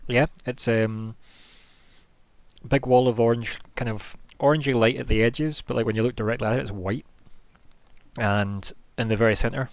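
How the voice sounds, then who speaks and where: A man's voice: medium pitch, fairly even intonation, moderate pace, no room sound. A man narrating a tabletop role-playing game as game master, describing scenes casually with many fillers.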